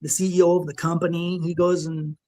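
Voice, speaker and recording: Shaken man telling his story haltingly. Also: fairly high pitch, level tone, a little mellow. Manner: halting, with frequent restarts and "you know"; shaken, emotional retelling. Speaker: podcast guest. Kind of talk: recounting a personal encounter.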